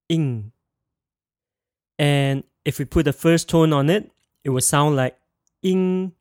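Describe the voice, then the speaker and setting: A man teaching a pronunciation lesson, modelling each sound slowly and carefully and asking the listener to repeat it. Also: a little high, dry recording, clean studio sound. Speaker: language teacher.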